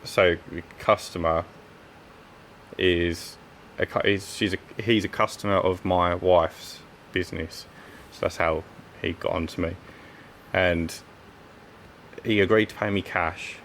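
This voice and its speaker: Deep-voiced man, blunt banter. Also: fairly even intonation, unhurried, pauses often, a bit bright, slight background noise. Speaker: podcast co-host. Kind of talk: casual chat.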